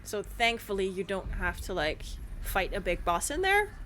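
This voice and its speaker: Woman streamer, casual gameplay commentary, chatty, joking, lively pitch. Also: moderate pace, slight background noise. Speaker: let's play streamer.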